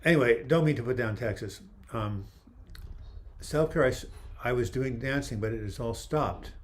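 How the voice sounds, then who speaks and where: A man's voice: mid-range voice, normal speed. A man hosting a casual live video chat, reading out viewer comments and joking around, his voice starting to go. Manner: chatty, reads viewer comments aloud, jokes around. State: losing his voice. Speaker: livestream host answering viewer questions. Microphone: webcam livestream.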